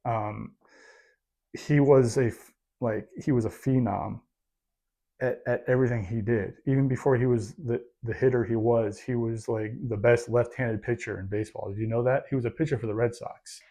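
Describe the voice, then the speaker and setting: A man's voice: medium pitch, fairly even intonation, moderate pace, warm tone. A man co-hosting a podcast in casual chat, rambling and self-deprecating with lots of fillers. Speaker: podcast co-host.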